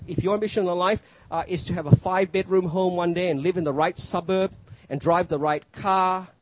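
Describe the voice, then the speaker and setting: A man's voice: high-pitched, poor audio. A middle-aged male pastor preaching a sermon, emphatic, his voice rising and dropping for effect.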